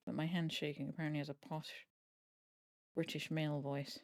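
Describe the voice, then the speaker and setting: A woman's voice: low voice, little pitch movement, moderate pace, darkish tone, dry recording, clean studio sound. A woman streamer chatting casually to herself while she sews, in a self-talking way with mild swearing. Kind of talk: casual chat while sewing on a live stream.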